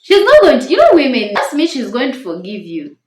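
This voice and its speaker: A woman's voice: high-pitched, wildly swooping pitch, fairly quick, echoey room. A woman with a tender, small voice giving an earnest, encouraging devotional talk to camera. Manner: earnest, encouraging, stresses words. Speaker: Christian marriage-tips YouTuber.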